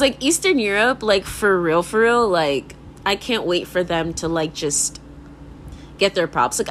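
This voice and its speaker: Young woman podcast host, loose and profane, very animated pitch, constant "like", quick laughs, faint background hiss. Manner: fills speech with "like". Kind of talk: casual monologue.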